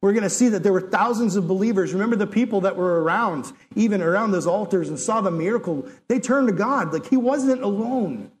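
A man's voice: high-pitched, brisk, hardly any pauses. A man giving a sermon in an earnest, conversational way, talking straight to his listeners and acting out lines of dialogue. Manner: acts out God's and Elijah's words in lively asides. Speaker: preacher.

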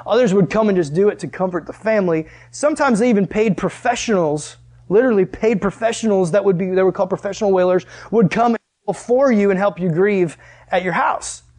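A man preaching a relaxed, conversational sermon in a high, light voice. He tells the story with animated energy and keeps turning straight to his listeners to hold their attention. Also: brisk.

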